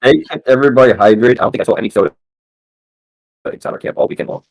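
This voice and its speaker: A man's voice: medium pitch, very fast, creaky, darkish tone. A man chatting casually as a podcast panelist, laid-back.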